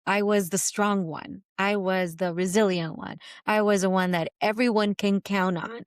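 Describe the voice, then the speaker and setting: A woman's voice: medium pitch, steady tone, moderate pace, clean tone, dry recording, studio quality. A woman hosting a faith podcast, giving an earnest, reflective teaching that repeats phrases for emphasis and quotes scripture.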